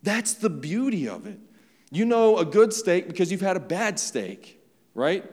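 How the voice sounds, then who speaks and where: A young adult man, a pastor, preaches a sermon to his church in a loose, conversational style, dropping in "right?" and "like" as he goes. His voice sits high and sing-song, unhurried and a little mellow. The recording carries the long reverb of a large church sanctuary.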